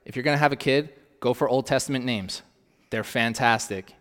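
Conversational preacher in an echoing hall. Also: male voice, mid-range voice, a little fast, fairly bright tone. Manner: conversational, often checks in with the congregation. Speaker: pastor. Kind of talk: sermon.

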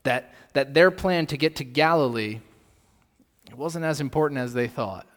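A male pastor delivering a sermon, posing rhetorical questions and swinging from loud emphasis to soft asides, in a long hall reverb. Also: mid-range voice, normal speed.

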